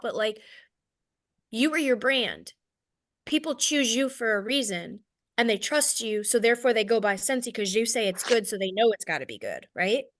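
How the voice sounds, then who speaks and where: This voice is on the high side with a fairly bright tone. It belongs to a Southern American woman in her thirties giving an informal, frank sales training talk, making fun of herself and regularly checking "okay?"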